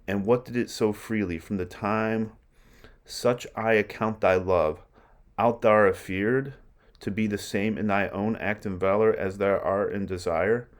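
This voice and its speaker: A man reading aloud as a ruthless, scornful noblewoman who goads her husband, in a slow, deliberate way. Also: on the low side, steady tone, lightly acted.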